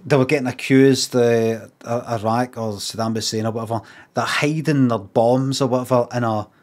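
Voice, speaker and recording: A middle-aged Scottish man streaming, chatting casually, rambling and swearing, and mocking signs in lively put-on voices. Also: mid-range voice, moderate pace. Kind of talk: casual livestream chat.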